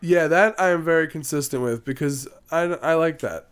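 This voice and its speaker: A man trading jokes in a casual podcast chat, often breaking into laughter. His voice sits a little high for a man. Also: moderate pace, smooth. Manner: giggly, joking, laughs often.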